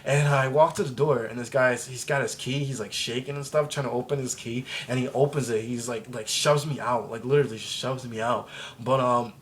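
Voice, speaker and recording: A young man in casual vlog mode, spinning a loose, profane story and laughing his way through it. His voice sits at an ordinary middle pitch, and he rambles with plenty of asides. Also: fairly even intonation, brisk, slight background noise. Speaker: vlogger. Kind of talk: casual comedic storytelling to camera.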